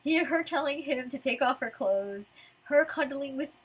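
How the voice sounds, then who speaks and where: A woman's voice: sits high, lively intonation, moderate pace, poor audio. A woman talking casually while reading through a manga chapter, chatty and full of fillers. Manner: chatty, filler-heavy fan talk. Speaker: manga reviewer.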